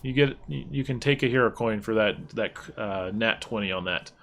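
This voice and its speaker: A man narrating as game master of a tabletop game, in a relaxed, easygoing way with many pauses. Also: lowish voice, vocal fry, slight background noise.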